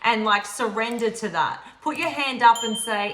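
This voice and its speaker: A woman with a bright, forward voice gives flowing, encouraging spiritual advice to camera. Her voice sits a little high and rings in a roomy, echoing space. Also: normal speed, few pauses, a little hiss or hum. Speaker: spiritual teacher and co-host. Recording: echoey room.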